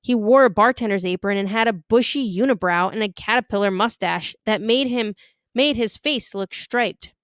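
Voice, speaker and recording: A woman reading a novel aloud in an expressive, careful way. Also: mid-range voice, normal speed, no echo, studio quality. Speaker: reader.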